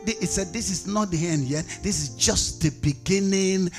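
A man's voice: high voice, normal speed, music in the background. A male pastor preaching a fervent church sermon, repeating short commands and calling out hallelujahs. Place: church service with music behind.

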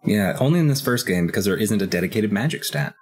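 A man's voice: on the low side, expressive, fast talker, breathy edge. A young man co-hosting a casual podcast, making dry, wry asides. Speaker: podcast co-host. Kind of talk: casual chat.

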